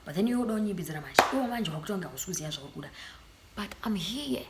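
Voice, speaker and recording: A young Zimbabwean woman vlogging in a casual sit-down chat, sassy and animated, slipping into Shona phrases. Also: medium pitch, brisk, heavy background noise.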